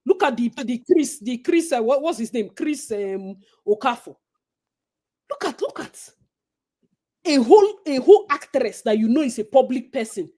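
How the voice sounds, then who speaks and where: Nigerian woman, high voice, casual gossip chat, preachy, Pidgin mixed in. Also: normal speed. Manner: animated, preachy, mixes Pidgin. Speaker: co-host.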